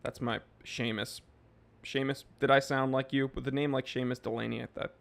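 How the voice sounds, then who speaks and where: A man's voice: mid-range voice, little pitch movement, moderate pace, vocal fry, fairly bright tone. A man in his thirties hosting a livestream, casually reading viewer comments aloud and joking with the chat. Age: 30s. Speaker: livestream host.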